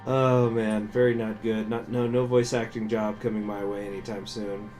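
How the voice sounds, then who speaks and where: A man's voice: fairly low pitch, flat delivery, moderate pace, a little mellow, faint music behind. A man hosting a gaming channel, giving loose, self-mocking commentary while he plays. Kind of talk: casual game commentary.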